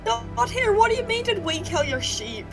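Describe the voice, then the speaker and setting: A woman's voice: very high voice, very animated, moderate pace, gravelly, soft background music. A woman playing a tabletop game, making teasing, wry remarks in casual chat. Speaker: player.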